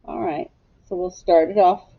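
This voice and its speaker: A woman teacher leading a phonics lesson for young children, clearly drilling sounds and words for them to echo. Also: on the low side, fairly even intonation, moderate pace, narrow, tinny audio.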